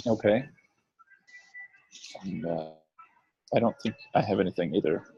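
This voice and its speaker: Gravelly, mellow-voiced man leading a meeting. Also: deep voice, a little slow, no echo, dull audio. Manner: hesitant, many fillers and hums. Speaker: meeting facilitator. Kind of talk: casual meeting talk.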